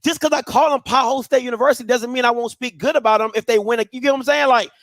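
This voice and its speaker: A man's voice: extremely high pitch, steady tone, very fast, fairly bright tone, no echo. A man hosting a live call-in sports talk show, laid-back and teasing.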